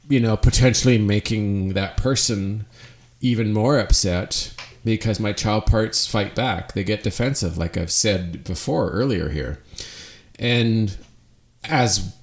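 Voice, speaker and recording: A middle-aged man hosting a solo podcast, talking in an earnest, reflective way and often restarting his phrases. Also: fairly low pitch. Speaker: podcast host.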